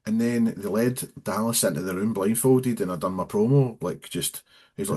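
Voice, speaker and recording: A man's voice: fairly low pitch, fairly quick, darkish tone, breathy edge. A Scottish man in his thirties, a pro wrestler telling stories bluntly with plenty of swearing. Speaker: guest, professional wrestler. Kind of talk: casual chat.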